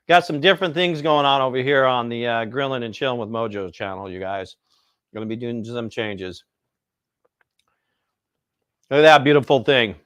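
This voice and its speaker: A man's voice: mid-range voice, fairly bright tone, no room sound, studio quality. A man hosting a casual cooking livestream, chatting and rambling to his viewers while he cooks outdoors. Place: outdoors by a pizza oven.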